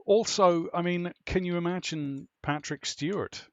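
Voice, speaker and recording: A man's voice: sits high, measured pace, no room sound. A man hosting a casual podcast panel chat, rambling and jokey with laughing asides, on a dry, dull, lo-fi recording. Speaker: podcast host.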